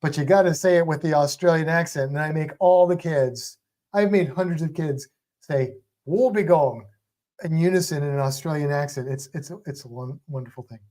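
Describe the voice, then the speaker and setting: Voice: medium pitch, fairly quick, a little mellow. A livestream co-host in casual chat, rambling and restarting sentences while talking eagerly about movies. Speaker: teaches a class about sharks.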